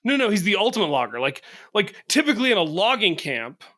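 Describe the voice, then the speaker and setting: Higher-voiced man rambling playfully. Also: very animated, quick pace, sharp tone. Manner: rambling, playful storytelling with laughs. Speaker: podcast co-host. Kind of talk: casual podcast chat.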